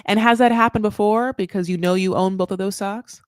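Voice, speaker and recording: A woman hosting a casual recap chat, rambling through tangents and correcting herself, with sudden jumps up in pitch. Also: fairly even intonation, fairly quick, no room sound, studio quality. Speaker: recap show host.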